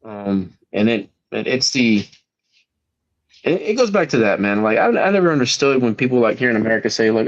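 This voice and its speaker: A man's voice: medium pitch, very animated, brisk. A man with a mid-range voice talks in an easygoing, reflective way, tossing in man between thoughts. His audio comes through dull and lo-fi. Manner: laid-back, reflective, says man often. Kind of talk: casual chat.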